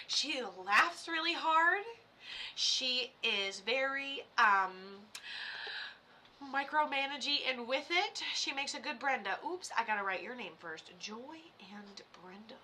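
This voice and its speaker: A woman giving live psychic readings on a stream, chatty and excitable, full of fillers and sudden loud bursts. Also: on the high side, a little hiss or hum.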